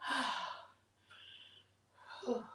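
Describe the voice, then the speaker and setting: A woman's voice: very slow, bright, forceful tone. A woman, hosting a live workout stream, counting reps between breaths. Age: 60s. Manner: breathless, upbeat counting with whoops. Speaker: fitness vlog host. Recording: echoey room, mic at a distance.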